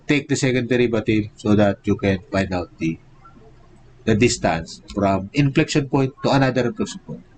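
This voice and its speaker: A man teaching engineering in an unhurried, measured way, pausing to ask "okay?" and "what?" as he works through each step. His voice sits at an ordinary middle pitch, with faint background noise behind him. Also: low-quality recording. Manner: drills points with repeated "okay?" and rhetorical "what?". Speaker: engineering professor. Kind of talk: live-streamed lecture.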